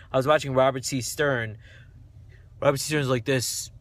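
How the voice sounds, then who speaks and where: Sitting in a parked car, a man livestreams on his phone, rambling, joking with viewers, and singing bits of songs in casual live chat. His medium-pitched voice stays steady at a normal speed, with long pauses.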